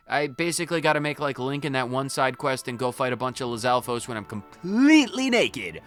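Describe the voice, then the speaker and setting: A man's voice: medium pitch, big pitch swings, fairly quick, few pauses, a bit bright, soft background music. A man casually commentating a video game as he plays, joking and cutting himself off mid-sentence. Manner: jokey, self-interrupting, repeats words. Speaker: let's play host.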